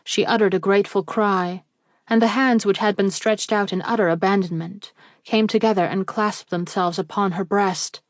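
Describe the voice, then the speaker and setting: Woman audiobook narrator, old mystery novel, even pace, dry close sound. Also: mid-range voice, moderate pace, dry recording. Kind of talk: scripted narration of a classic mystery.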